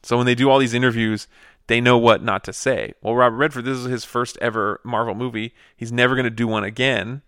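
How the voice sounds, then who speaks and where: A man co-hosting a podcast, chatting about a movie in an animated, teasing way and laughing often. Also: mid-range voice, brisk, clean tone, no echo, studio quality. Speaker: podcast co-host. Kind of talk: casual chat, movie discussion.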